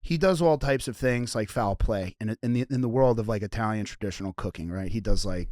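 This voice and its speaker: A young man hosting a podcast, telling stories in a profane, animated way. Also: lowish voice, brisk, no echo, studio quality. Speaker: podcast host. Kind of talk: casual podcast chat.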